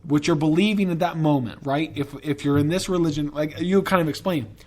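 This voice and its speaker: A man's voice: a little high, a little fast, darkish tone. A man hosting a podcast in a casual, rambling and profane way, with enthusiastic tangents. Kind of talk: casual chat.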